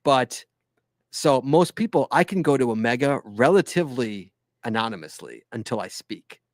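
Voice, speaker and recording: Excitable rambling podcast host, man. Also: mid-range voice, moderate pace, no room sound, clean studio sound. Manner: enthusiastic, rambling, laughs often. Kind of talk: casual podcast chat.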